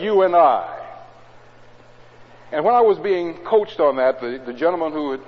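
A preacher giving a sermon in a church. He reads scripture loudly and drops to low, conversational asides. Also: very animated, normal speed, pauses often. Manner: swings between loud scripture reading and low conversational asides. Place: church hall. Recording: dull, echoey hall recording.

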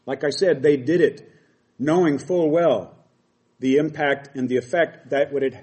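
A man's voice: medium pitch, darkish tone. A middle-aged man preaching a sermon, reading scripture aloud and explaining it with emphatic quoted lines.

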